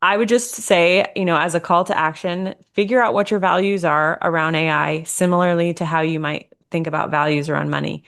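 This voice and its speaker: A woman's voice: lowish voice, steady tone, brisk, hardly any pauses, fairly bright tone. A woman co-hosting a podcast in casual chat, explaining ideas at length in a reflective way. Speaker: podcast co-host.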